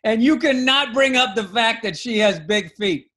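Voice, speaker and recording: A man's voice: extremely high pitch, animated, normal speed, sharp tone. A man co-hosting a podcast, needling his partner with teasing banter. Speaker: podcast co-host. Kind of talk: casual comedic chat.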